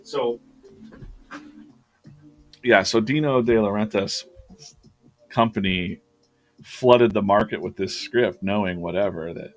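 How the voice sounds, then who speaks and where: On a live drawing stream, a man with a voice on the low side speaks slowly, leaving long pauses. The artist chats casually while drawing, rambling through a story with many fillers, restarts and self-corrections.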